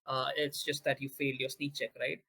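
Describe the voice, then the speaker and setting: A man narrating as game master of a tabletop game, talking haltingly with many restarts. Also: medium pitch, flat delivery, vocal fry, sharp tone, breathy edge, low-quality recording.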